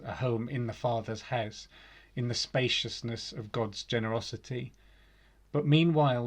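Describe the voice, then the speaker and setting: A man delivering an earnest sermon on behalf of a charity, reading scripture in a measured way. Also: medium pitch. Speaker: charity representative giving a sermon.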